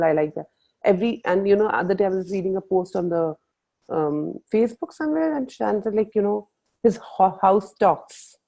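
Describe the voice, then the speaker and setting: Woman facilitator, mellow tone, playful group coaching, mixes Hindi in. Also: fairly low pitch, creaky, rough recording. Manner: lively, playful, asks the group questions, mixes in Hindi phrases. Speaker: workshop facilitator. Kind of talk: live coaching talk on a video call.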